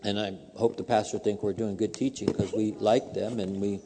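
A man's voice: lowish voice, fairly even intonation, moderate pace, in a large hall, noisy background. A man teaching in a sermon, mixing joking asides with preaching. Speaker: married couple speaker.

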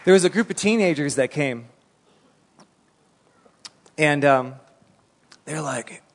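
A fairly high-voiced man preaches in an animated, storytelling way, full of casual "like"s. His voice carries with a long reverb through a large church hall. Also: slow, some chatter behind. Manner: animated storytelling, colloquial with many "like"s. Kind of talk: sermon.

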